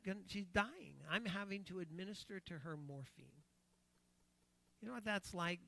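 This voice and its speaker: Man, middle-aged preacher, emotional storytelling, high voice, dry close sound. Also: creaky, fairly bright tone, no room sound. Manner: emotional, repeats phrases, acts out quotes. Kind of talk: sermon storytelling.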